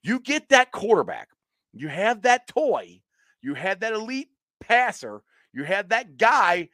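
A man with a somewhat high voice chats about sports as a host. He tells animated stories and acts out quotes with squeals and laughs. His sound is dry and close. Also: a little slow, no room sound. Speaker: podcast host. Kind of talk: casual sports chat.

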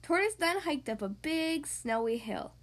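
A woman hosting a children's podcast, reading a storybook aloud in a friendly, expressive manner. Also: high voice, unhurried. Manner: friendly, expressive, sing-song.

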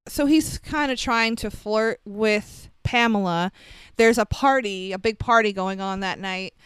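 A woman's voice: mid-range voice, measured pace, clear, resonant tone, no echo. A woman casually recapping a movie plot in a wry, chatty way, laughing often. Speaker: podcast co-host.

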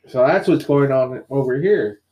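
A man's voice: medium pitch, normal speed, lo-fi sound. A man in casual conversation, eagerly retelling a story with lots of "you know" and "like". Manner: animated retelling with many fillers. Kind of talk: casual comic book discussion.

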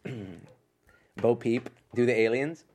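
A man co-hosting a casual entertainment talk show, joking and trying quick impressions. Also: mid-range voice, darkish tone. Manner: jokey, tries quick impressions. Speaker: co-host. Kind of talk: casual chat.

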